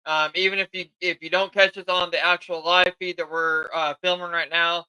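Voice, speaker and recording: Bright-voiced man hosting a podcast. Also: high-pitched, level tone, moderate pace, clear, resonant tone, no room sound, poor audio. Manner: chatty and eager, self-admittedly tired. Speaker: podcast host. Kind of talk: casual live podcast chat.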